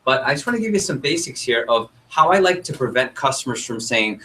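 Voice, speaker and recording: A young man running a sales training workshop, coaching a group and acting out customer dialogue in an energetic way. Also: medium pitch, quick pace, few pauses, slight background noise, poor audio. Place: meeting room with group.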